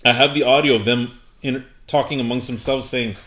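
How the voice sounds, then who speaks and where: A man co-hosting a podcast, telling an animated story in casual chat and trailing off and restarting as he goes. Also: mid-range voice, fairly quick. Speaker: podcast co-host. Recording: roomy echo.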